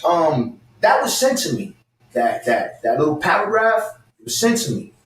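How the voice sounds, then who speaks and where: A man of around forty, a guest telling stories and delivering an animated, heated callout rant that breaks into shouting. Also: on the high side, moderate pace. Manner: animated, fired-up, repeats his target's name, bursts into shouting. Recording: echoey room, mic set at a distance, faint background hiss.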